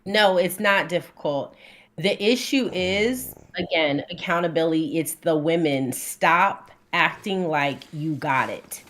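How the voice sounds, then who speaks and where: A woman's voice: low voice, unhurried, a bit bright. A woman relationship coach giving blunt, emphatic opinions as a guest on a podcast interview.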